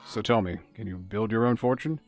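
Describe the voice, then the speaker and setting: A man voicing a gruff, blunt male village castellan with a gravelly voice, reading game dialogue aloud. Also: on the low side, a little fast, lightly acted. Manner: blunt, matter-of-fact.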